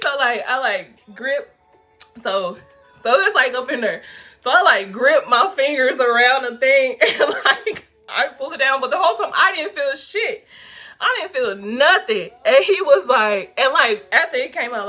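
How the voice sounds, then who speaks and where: Young woman vlogging a crazy story, laughing and cursing a lot, high voice. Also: a little slow. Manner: animated, profane, laughing often. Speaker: vlog host telling a story. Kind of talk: casual storytelling to viewers.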